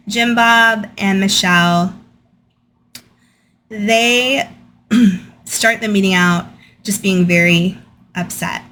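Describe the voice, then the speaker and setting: A woman's voice: medium pitch, fairly bright tone, slight background noise. Chatty woman host reading and commenting. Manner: chatty, frequent "like" and "um". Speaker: channel host. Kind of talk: casual storytime commentary, reading from a book.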